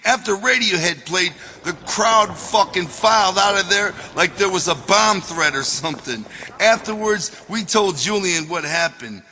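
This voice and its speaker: A man's voice: sits high, expressive, unhurried, pushed and bright, in a large hall, a little hiss or hum. A man reading his own memoir aloud as an audiobook, telling it in a profane, wisecracking way.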